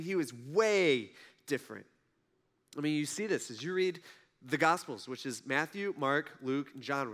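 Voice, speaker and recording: A man's voice: a little high, fairly bright tone. A man giving a casual storytelling sermon, retelling stories in a conversational way and acting out the quotes. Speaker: preacher.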